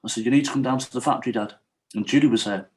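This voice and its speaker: A man's voice: medium pitch, racing, darkish tone, low-quality recording. A man, a podcast guest, telling a true story in a casual interview and acting out the quoted dialogue.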